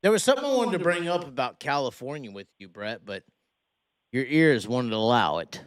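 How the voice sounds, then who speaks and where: A man's voice: medium pitch, big pitch swings, brisk. A man hosting a podcast in casual chat, rowdy and swearing in jest with his guests. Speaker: podcast host.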